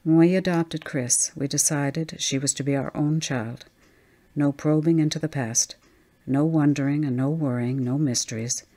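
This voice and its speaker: A woman's voice: low voice, fairly even intonation, moderate pace, warm tone. A woman playing a firm, matter-of-fact husband in an audiobook ghost story. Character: steady, brisk husband, protective and firm.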